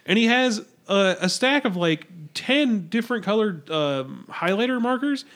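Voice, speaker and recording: A young man with a notably high-pitched voice, chatting casually as a podcast co-host. He tells long, rambling stories into the mic, swearing freely and laughing at his own jokes. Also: expressive, moderate pace, hardly any pauses, a bit bright. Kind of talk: casual chat.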